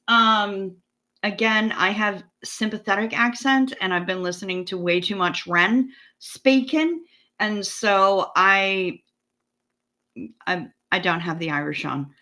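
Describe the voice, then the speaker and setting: An American woman in her forties livestreams through a streaming setup, casually rambling to viewers, cursing freely and answering their chat. She talks unhurriedly in a mid-range voice that comes across pushed and bright.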